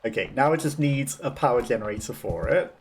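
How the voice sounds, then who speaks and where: A man's voice: mid-range voice, expressive, fairly quick, background noise. A man casually commentating on his gameplay as a let's play host, chatting freely and laughing often between remarks.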